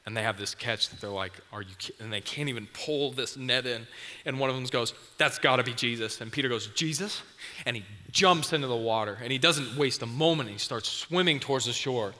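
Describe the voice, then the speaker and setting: A man's voice: mid-range voice, a little fast, bright, forceful tone. A man preaching a sermon, retelling a story vividly to his audience in a church or event hall. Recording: long hall reverb, faint noise.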